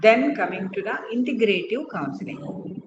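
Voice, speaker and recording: A woman's voice: mid-range voice, animated, moderate pace. Female lecturer with an Indian English accent, patient and repetitive delivery, captured on muffled, reverberant online audio. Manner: explanatory, repeats key phrases, frequent uh fillers. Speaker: counselling lecturer. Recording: echoey, dull lo-fi online lecture audio with background noise.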